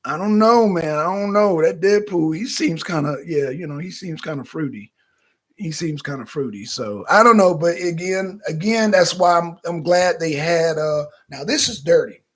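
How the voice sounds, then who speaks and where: A man co-hosting a talk show, talking in a loose, profane, animated way and often acting out his own reactions. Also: a little high, normal speed, few pauses. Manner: animated, loose and profane, slips into quoting himself. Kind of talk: casual profane commentary.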